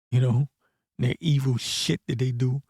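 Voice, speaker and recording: Male host with a warm, low-toned timbre, blunt and profane in casual talk, reads verses slow and deliberate; dry, close recording. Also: husky, no room sound. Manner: blunt and profane, peppers speech with "man"; reads scripture slowly and deliberately. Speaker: host of a prophecy commentary channel. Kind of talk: casual scripture commentary.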